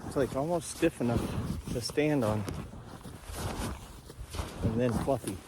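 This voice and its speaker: A chestnut farmer, a man, out of breath as he trudges through deep snow outdoors and explains his orchard in a plainspoken, casual way. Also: a little slow, noisy background. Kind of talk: casual walking vlog narration. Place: outdoors in a snowy hillside orchard.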